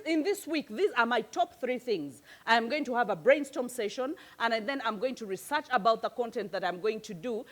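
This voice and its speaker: A woman giving a motivational talk, lively and conversational as she speaks straight to her audience. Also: high voice. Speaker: life coach and channel host.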